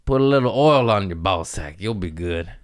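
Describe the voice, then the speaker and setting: A man's voice: low voice, moderate pace. A young adult man tells a story in a casual podcast chat. His voice swings widely up and down as he acts out the people in it, yelping and cursing along the way. The talk is loose and comic. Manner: animated, profane, acts out quoted voices and yelps. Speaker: podcast host.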